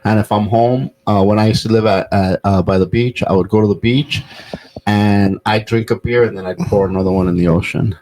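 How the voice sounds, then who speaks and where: A man's voice: lowish voice, steady tone, a little fast, darkish tone, poor audio. A man hosting a podcast, telling stories in a loose, profane, casual way with plenty of fillers. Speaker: podcast host.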